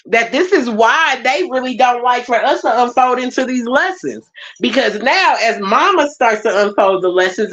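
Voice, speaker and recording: A woman's voice: medium pitch, a bit bright. Emphatic woman preaching, lo-fi. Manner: emphatic, repeats phrases, talks directly to the congregation. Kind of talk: sermon.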